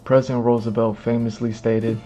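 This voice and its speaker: A man streaming live, giving loose slangy reaction commentary, excitable and often breaking into laughter. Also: mid-range voice, fairly quick. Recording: muffled, with music behind.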